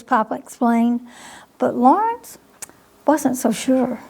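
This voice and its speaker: Librarian, woman, reads a bedtime story slow and gentle, high voice, chats to the kids between pages. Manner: slow, gentle, asks the listeners questions. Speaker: children's librarian.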